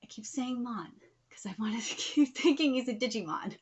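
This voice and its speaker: A woman in her thirties hosts a live reaction video, speaking in a voice pitched a little above average. She gushes with strong emotion and keeps sinking into breathy, whispered exclamations. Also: normal speed. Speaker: YouTube manga reaction host.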